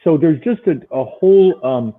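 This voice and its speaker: A man from Buffalo, New York, a guest telling animated stories in a casual chat over a remote call. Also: fairly high pitch, normal speed. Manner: animated, chatty storyteller. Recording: tinny phone-like line.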